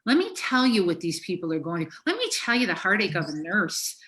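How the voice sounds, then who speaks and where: A woman's voice: fairly low pitch, very animated, a little fast, fairly bright tone. A middle-aged woman therapist talking frankly and emotionally on a podcast, swearing freely. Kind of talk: casual podcast conversation.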